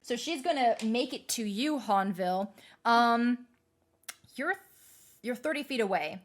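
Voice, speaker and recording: A woman narrating and running a tabletop role-playing game as game master, telling the story in an animated way. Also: fairly high pitch, measured pace.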